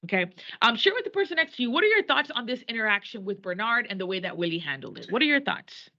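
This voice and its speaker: A fast-talking woman teaches her class with animated energy, her bright, fairly high voice shifting between Spanish and English. The classroom recording has a dull, lo-fi quality.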